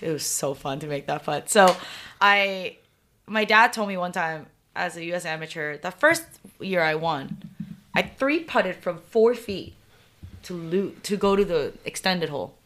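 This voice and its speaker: A young adult woman, a professional golfer, telling lively stories as a podcast guest, loud and animated, laughing often and acting out quotes. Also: fairly low pitch, unhurried. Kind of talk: casual interview storytelling.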